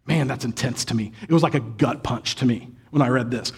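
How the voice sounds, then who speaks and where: A man in his thirties preaching a sermon, telling a family story with acted sighs and lively exclamations. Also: medium pitch, a little fast, creaky, breathy edge. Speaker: pastor.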